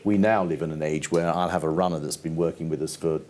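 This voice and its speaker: Deep-voiced older man telling stories. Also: fairly even intonation, quick pace, darkish tone. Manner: rambling, laughs often, quotes people in voices. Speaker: TV format producer, interview guest. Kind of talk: anecdotal storytelling on stage.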